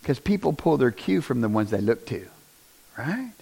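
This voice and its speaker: A man preaching a conversational sermon, often asking the congregation questions and rising to loud, emphatic bursts. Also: medium pitch, sing-song, normal speed, vocal fry, breathy edge. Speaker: pastor.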